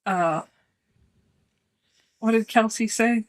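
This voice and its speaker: A woman's voice: on the high side, slow pace. A woman co-hosting a casual chat, rambling and giggling often. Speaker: co-host.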